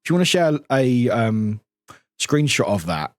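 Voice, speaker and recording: Chatty man with a lively pitch. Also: a little slow. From United Kingdom. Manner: rambling, chatty, swears casually, laughs often. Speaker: streamer. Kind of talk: casual chat while gaming live.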